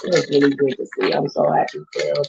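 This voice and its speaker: A woman vlogger, casually retelling a story with lively quoted voices. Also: low-pitched, fast, creaky, lo-fi sound, background noise.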